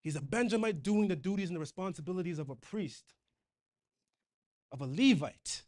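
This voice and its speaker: A man's voice: high-pitched, expressive, normal speed, darkish tone. A man preaching a sermon in a conversational way, reading scripture aloud and retelling it in casual slang.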